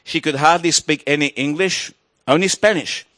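Delivering a sermon, this male pastor booms on the important points and goes quiet and slow for a story. The recording is dry.

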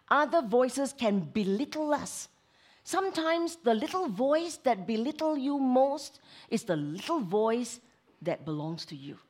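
A woman preaches a sermon with a fairly high voice. She swings from emphatic, raised lines to soft, hushed asides. She speaks with the ease of a counselor talking to her listeners. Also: breathy edge.

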